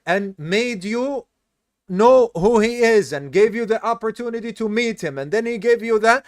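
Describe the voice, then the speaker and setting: A man's voice: sits high, lively intonation, moderate pace, no room sound, clean studio sound. A tired man teaching a religious study class, explaining step by step, quizzing his students and mixing in Arabic terms. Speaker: teacher of an Islamic study course. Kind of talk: classroom lesson. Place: live class session with students.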